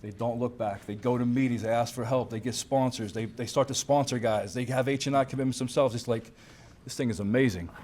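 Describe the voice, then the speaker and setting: A man's voice: mid-range voice, steady tone, a little fast, darkish tone. A man in his thirties or forties gives a casual, candid recovery talk at a banquet, full of "man" and "dude" and the odd swear. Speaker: banquet speaker at a recovery conference. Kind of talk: personal recovery talk to a crowd. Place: banquet hall with a crowd.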